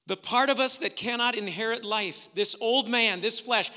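A man preaching a sermon, swinging from loud, urgent delivery to hushed near-whispers. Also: extremely high pitch, moderate pace, hardly any pauses, big-room sound.

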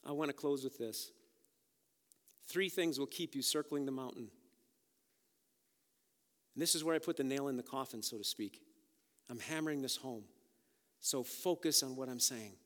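A man preaching a sermon, energetic, swinging from loud urgent exhortation to quiet emphasis. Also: mid-range voice. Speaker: pastor. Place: church sanctuary. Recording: long hall reverb with faint guitar behind. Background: soft guitar music.

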